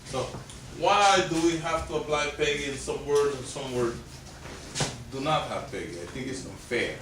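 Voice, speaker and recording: A man's voice: on the high side, normal speed. A male language teacher explaining grammar step by step to a class in a classroom lesson. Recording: echoey room, distant mic, noise.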